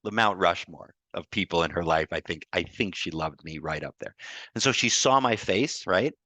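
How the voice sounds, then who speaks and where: A man speaking on a video call, telling a personal story in a group talk, emotional and halting, with a tearful edge and many restarts. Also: sits low, bright, forceful tone, no room sound. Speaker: guest speaker on grief.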